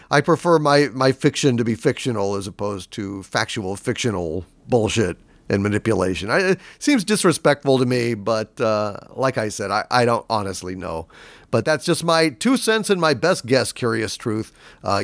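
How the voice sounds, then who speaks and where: A man talking casually on a live stream, his pitch swinging up and down as he goes. He stumbles and repeats himself and swears freely. The sound is close and dry, with no room around him. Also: no room sound. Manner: rambling, stammers and repeats words, swears casually. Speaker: livestream host reading viewer donations. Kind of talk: casual unscripted chat.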